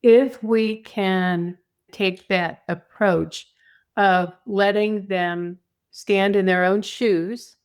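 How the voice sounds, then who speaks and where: An older woman, a podcast guest, chatting about caregiving and telling lively stories with voiced quotes. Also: medium pitch, very slow, clean tone. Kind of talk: conversational storytelling.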